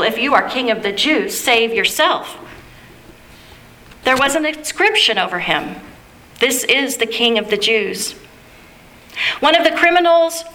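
A woman reads scripture aloud in a measured, reverent way, as a liturgical lesson. Her voice sits a little high and rings bright and clear. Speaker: scripture reader. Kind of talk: liturgical Bible reading.

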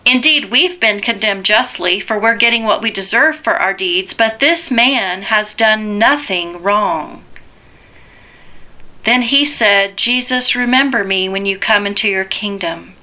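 A woman giving a measured, deliberate liturgical Bible reading as a scripture reader. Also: medium pitch, sharp tone.

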